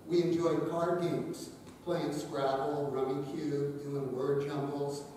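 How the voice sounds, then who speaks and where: A man in his later years tells warm stories at a memorial service. His voice is mellow and slightly high. It rings through a large, reverberant hall from a distant mic with faint hiss. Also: flat delivery, slow pace. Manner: gentle storytelling, light humor. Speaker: eulogy speaker, son-in-law. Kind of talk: memorial eulogy.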